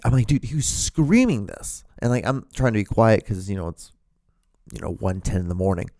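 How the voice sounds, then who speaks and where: A man's voice: on the low side, lively intonation, moderate pace, gravelly, a little mellow, dry recording. A man hosting his own podcast, telling a rambling story casually from his room, swearing a lot and filling gaps with "like" and "you know.". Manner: rambling, profane, lots of fillers. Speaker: podcast host. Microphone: talking to a camera.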